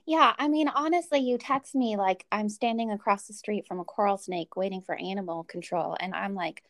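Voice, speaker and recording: A woman's voice: medium pitch, moderate pace, fairly bright tone, no echo, clean studio sound. A woman in a casual chat, reacting with short amused replies.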